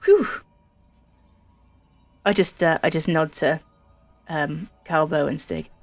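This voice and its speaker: A woman's voice: low-pitched, takes it slowly, soft background music. A woman playing a tabletop game in an easygoing, chatty way. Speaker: player. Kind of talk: tabletop role-play.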